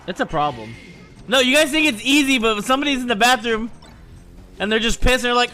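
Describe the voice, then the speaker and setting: A man talking casually to his stream audience, telling stories in an animated, profane, joking way. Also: very high voice, fast, soft background music.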